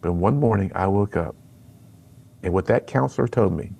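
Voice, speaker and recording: Gravelly raspy middle-aged guy telling his story on a radio show, earnest, acts out the quotes. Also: sits low, normal speed, mellow. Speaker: radio guest, speaker to students. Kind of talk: personal storytelling in an interview.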